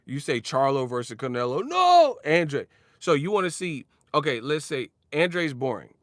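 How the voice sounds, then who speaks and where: A man ranting casually about boxing, animated and profane, laughing often. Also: medium pitch, normal speed, no echo, clean studio sound. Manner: animated, profane, laughs often, mocks others with sudden shouts. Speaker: boxing commentator.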